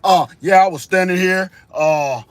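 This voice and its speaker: Man playing a rambling neighborhood witness, meandering, lots of fillers, high voice. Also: measured pace, clean tone, no room sound. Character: rambling casual male bystander witness.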